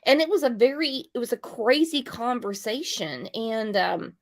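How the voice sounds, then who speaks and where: A woman's voice: on the high side, expressive, normal speed, hardly any pauses, no room sound, studio quality. A woman hosting a casual livestream chat, reading viewer comments aloud and chatting.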